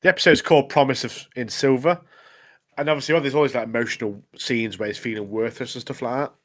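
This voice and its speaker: A man's voice: mid-range voice, fairly even intonation, quick pace. A man co-hosting a podcast, recapping in rambling casual chat full of fillers. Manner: rambling recap, many fillers like obviously and mate. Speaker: podcast co-host.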